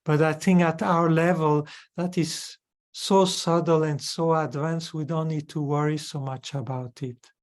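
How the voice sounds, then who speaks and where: Measured male Buddhist teacher. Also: fairly high pitch, steady tone. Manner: measured and explanatory, with tag questions. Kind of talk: dharma teaching, answering questions.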